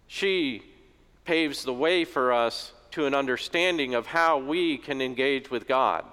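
A man's voice: mid-range voice, a little slow, sharp tone, clear, resonant tone. A middle-aged man preaching a sermon in a joking, conversational way, in a church. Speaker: pastor. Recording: echoey church reverb.

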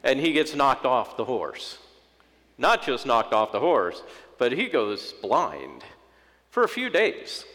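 A man delivers a sermon as a pastor, talking through it casually with wry asides. His voice sits at an ordinary middle pitch. Long reverb from a church hall trails behind him. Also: very animated, slow pace, fairly bright tone. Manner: conversational preaching with asides and quoted inner voices.

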